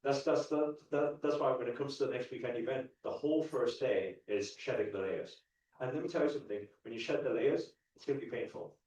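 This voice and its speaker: A man giving an animated, repetitive motivational talk to a live audience, chuckling often. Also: mid-range voice, brisk. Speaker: spiritual coach. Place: large event ballroom. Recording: echoey dull hall sound from far off.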